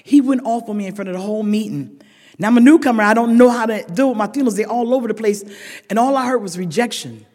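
A woman speaks quickly in a mid-range voice, telling her own recovery story before a meeting in a large hall where a long, ringing echo follows her words. Her storytelling is blunt and funny, and she gives the people she quotes lively voices of their own.

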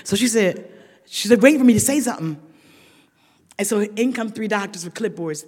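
A woman's voice: mid-range voice, animated, brisk, a little mellow, breathy edge. A woman sharing her recovery story at a meeting, raw and emphatic, talking straight to the room. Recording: long reverb of a large hall.

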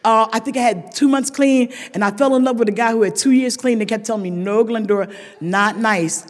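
A woman's voice: on the high side, fast talker. A woman stands before a recovery meeting and shares her own story, blunt and funny, with vivid impressions of the people in it. Her voice carries through a large hall with a long, ringing echo. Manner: frank, humorous storytelling, lively voicing of quoted people. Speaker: speaker sharing at a recovery meeting. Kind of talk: personal recovery testimony.

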